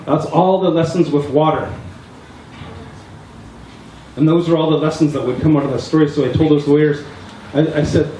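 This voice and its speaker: Speaking warmly at a normal speed with fairly even intonation, this middle-aged Tsleil-Waututh chief from British Columbia, Canada, has a fairly high voice and pauses often as he tells earnest, repetitive stories to a gathering. There's a little hiss or hum, the hall echoes, the mic sits far off, and listeners are audible.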